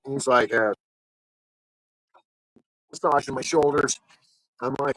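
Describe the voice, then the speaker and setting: A man with a slightly high voice hosts a live online show, telling a long, rambling story at a moderate pace and pausing often. He acts out the other people's lines with animation and frequently uses fillers and restarts, on a dry, rough recording.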